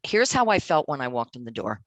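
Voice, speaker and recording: Middle-aged woman from Philadelphia, low voice, dry close sound, self-deprecating storyteller. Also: big pitch swings, fairly quick, dry recording. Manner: warm, self-deprecating storyteller who laughs at herself. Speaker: winery owner and guest. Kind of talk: casual podcast storytelling.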